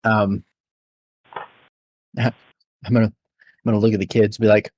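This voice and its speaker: A man with a slightly husky voice plays a tabletop role-playing game, talking through his turn and laughing often. He lifts his pitch when he speaks in character. The sound is dry and close. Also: flat delivery, measured pace, pauses often, a little mellow, no echo. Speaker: player.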